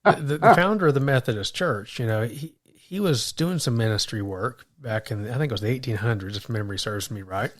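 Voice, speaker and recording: With hardly any pauses, this faith podcast co-host speaks fairly quickly in a mid-range voice. He recounts stories animatedly on the Christian show, often tripping over and repeating words at the start of sentences.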